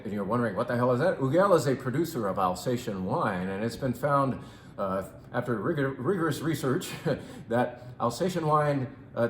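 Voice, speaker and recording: A playful, theatrical man hosts a chatty wine talk, stretching words for emphasis. His voice sits at a middle pitch. It rings in an echoey room with a faint hum of ambience behind it. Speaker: wine shop host.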